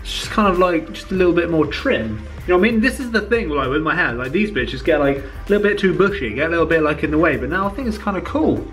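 A man's voice: fairly high pitch, expressive, fast talker, hardly any pauses, a bit bright, faint music behind. A young man vlogging casually, upbeat and chatty, out walking his dog. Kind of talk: casual vlog chat. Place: outdoors on a hillside walking a dog. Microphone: handheld camera.

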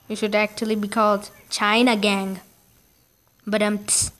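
A woman giving casual gameplay commentary, reacting excitably with quick exclamations. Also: mid-range voice.

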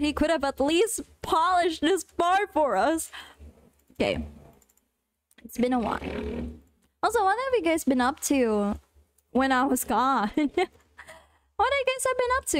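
Young woman streamer, high voice, gets squealy and excited, dry close mic. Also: no echo. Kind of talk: casual game stream chat.

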